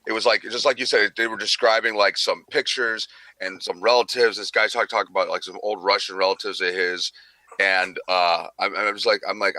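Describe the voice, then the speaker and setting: A man's voice: fairly low pitch, fairly even intonation, a little fast, sharp tone, dry recording. A man co-hosting a gaming news show, telling rambling, profane stories in casual chat. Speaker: podcast co-host.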